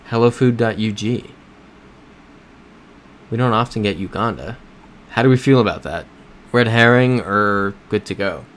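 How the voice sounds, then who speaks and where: A man's voice: fairly low pitch, a bit bright, slight background noise. A man hosting a casual livestream while playing a geography game, talking in a rambling, self-correcting way and answering chat. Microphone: desk microphone.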